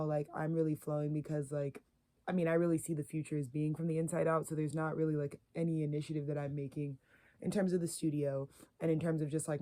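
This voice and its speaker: A woman's voice: deep voice, warm tone. A woman giving a rambling, earnest spiritual monologue, full of "like" and "you know" fillers. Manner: filler-heavy, meandering, earnest. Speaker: spiritual content creator.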